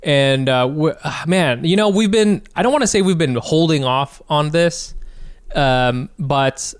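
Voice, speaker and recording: Excitable, higher-voiced male podcast host. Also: a little slow, clean tone, dry recording, studio quality. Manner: excitable, swears freely, laughs often. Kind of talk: casual podcast chat.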